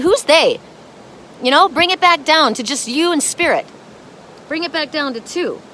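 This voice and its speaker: A woman's voice: sits high, animated, normal speed, pushed and bright, a little hiss or hum. A woman giving a spiritual oracle card reading in a dramatic, emphatic way, with casual swearing.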